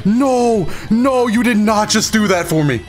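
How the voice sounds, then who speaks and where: A man reacting excitedly as a gaming YouTuber, exclaiming and repeating phrases over and over. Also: high-pitched, measured pace. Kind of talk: excited live reaction commentary.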